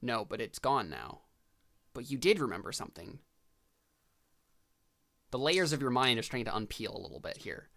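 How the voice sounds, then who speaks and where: A man narrating a tabletop role-playing game as game master, with many pauses and fillers. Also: medium pitch, very animated, vocal fry, pushed and bright.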